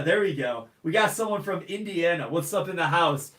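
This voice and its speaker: A man's voice: a little high, expressive, moderate pace, fairly bright tone, far from the mic. A man hosting a live stream Q&A, upbeat and calling out greetings to viewers from many places. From United States. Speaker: host. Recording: roomy echo, off-mic.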